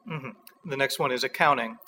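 A man's voice: medium pitch, brisk, sharp tone, slight background noise, rough recording. An American man, a guest demonstrating pronunciation, reading example words and giving short, patient confirmations.

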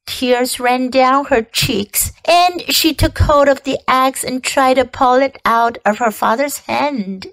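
Slow, expressive woman reading a storybook. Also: sits high, no echo, poor audio. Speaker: English reading teacher.

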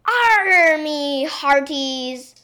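A woman voicing a naughty little girl princess who plays pirate, pouty and excitable. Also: fairly high pitch, slow, exaggerated voice. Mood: pouty excited.

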